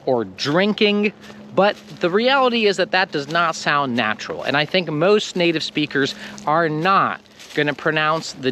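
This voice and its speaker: Brief: American male English teacher, higher voice, very lively pitch, slow deliberate pace, faint background noise. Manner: slow, emphatic, lively delivery with stressed word endings. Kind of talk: scripted lesson to camera.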